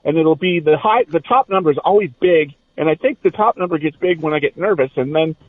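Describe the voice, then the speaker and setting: Homme au son téléphonique, voix assez haute. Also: male voice, on the high side, brisk, no echo. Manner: casual, questioning. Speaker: podcast co-host asking questions. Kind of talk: casual podcast chat. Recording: dry, phone-like sound.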